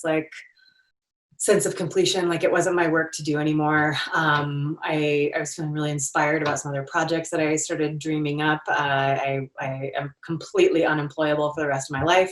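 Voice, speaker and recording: A woman in her thirties, a podcast guest, talking casually and chattily with many fillers from her home. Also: deep voice. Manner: chatty, lots of "like" and "um". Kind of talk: casual interview chat. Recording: roomy, distant from the mic.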